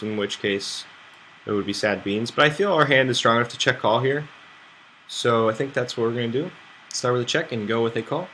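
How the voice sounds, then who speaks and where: A man's voice: mid-range voice, sharp tone, a little hiss or hum. A man from the United States streaming online poker, rambling and thinking aloud about his hands with self-mocking asides. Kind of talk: live game commentary.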